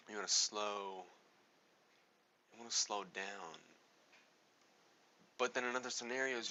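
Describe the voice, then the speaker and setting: A man's voice: on the low side, bright, forceful tone, a little hiss or hum. A man giving a casual spoken tutorial on speaking, rambling and correcting himself as he goes. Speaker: speaking coach.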